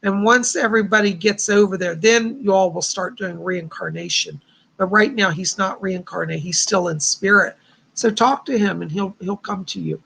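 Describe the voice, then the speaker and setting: A man's voice: sits high, moderate pace, gravelly, pushed and bright, slightly rough. A man hosting a live stream of psychic readings, talking in a chatty, reassuring way with a somewhat strained voice. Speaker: psychic host.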